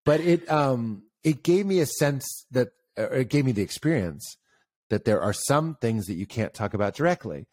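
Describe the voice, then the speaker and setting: Animated man with a dry sound. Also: normal speed, no room sound. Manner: animated storytelling, jumps up in pitch for emphasis, acts out quoted voices. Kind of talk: casual conversation.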